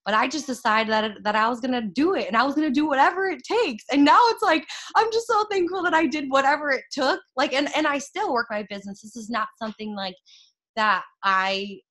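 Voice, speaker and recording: Talking briskly in a high voice, a young woman delivers an excitable motivational talk about her success in network marketing. She is chatty with her followers, and her speech is full of fillers and laughter.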